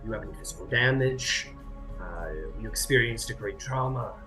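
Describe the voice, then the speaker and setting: A man voicing a calm, measured male githzerai monk who speaks in slow, formal, plain phrases. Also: medium pitch, over music, lightly acted.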